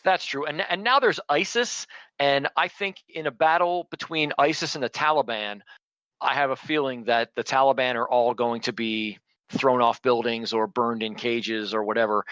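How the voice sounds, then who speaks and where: A man's voice: mid-range voice, normal speed, fairly bright tone, no echo, highs cut off. A man from Philadelphia, a guest on a podcast, talking in a blunt, rambling way with many restarts. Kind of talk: casual podcast chat.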